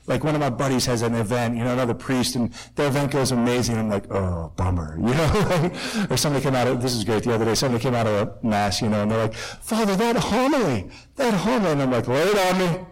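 A young man, a Catholic priest, giving an animated talk to a conference crowd, acting out voices as he tells stories. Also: medium pitch, fast talker, rough recording. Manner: animated storytelling, acts out kids' voices.

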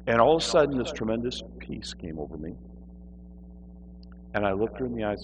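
A man preaching in church, telling a story in an animated way and mimicking his own whining. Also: mid-range voice, fairly quick, long pauses, slight background noise, low-quality recording. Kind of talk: storytelling sermon.

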